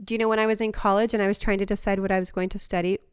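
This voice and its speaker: A woman hosts a reflective podcast, talking through her thoughts in an earnest, heartfelt way. Her voice is smooth and clear at a medium pitch. She is recorded close on a studio mic in a dry, quiet room. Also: flat delivery, rapid-fire, dry recording. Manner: earnest and heartfelt, with a few soft laughs and restarts. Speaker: podcast host. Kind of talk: reflective motivational monologue.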